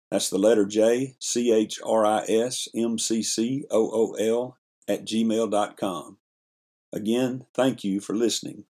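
Low, husky-voiced podcast announcer. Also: male voice. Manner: steady, measured, spells out addresses slowly. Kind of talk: scripted podcast outro.

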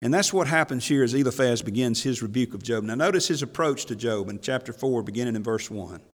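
Pastor preaching in a reverberant church. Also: male voice, medium pitch, expressive, fast. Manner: folksy, chuckling, swings between hushed asides and raised emphasis. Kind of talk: sermon. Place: church sanctuary. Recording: long hall reverb from church.

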